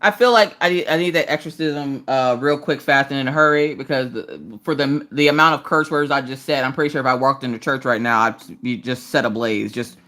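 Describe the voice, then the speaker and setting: A woman's voice: fairly quick, hardly any pauses, a bit bright. A woman, chatting casually and joking on a crafting live stream while she works. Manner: joking, self-deprecating, jumps into high squeaky voices to greet viewers. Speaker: livestream host doing diamond painting.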